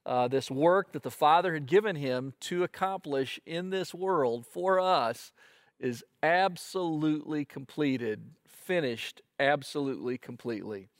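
Earnest pastor preaching a sermon. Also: male voice, a little high, no room sound, studio quality. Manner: earnest, with frequent "uh" fillers and repetitions.

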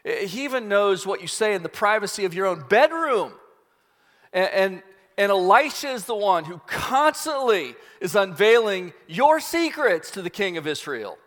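A man preaching a sermon, retelling a Bible story as an animated storyteller who acts out scenes. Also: high voice, normal speed. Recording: long hall reverb.

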